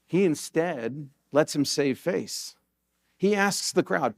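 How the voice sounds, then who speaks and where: Guy pastor preaching in church, kinda high voice, chatty storytelling, says the big points twice. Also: lively intonation, slow, creaky. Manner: conversational storytelling preaching, repeats key points for emphasis. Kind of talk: sermon. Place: church sanctuary.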